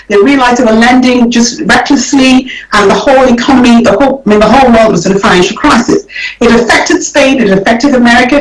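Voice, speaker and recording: A woman's voice: a little high, distant mic. A woman guest on a radio show, explaining property investment in an easygoing way and often repeating words while she thinks. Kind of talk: radio interview. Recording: roomy sound from off the mic.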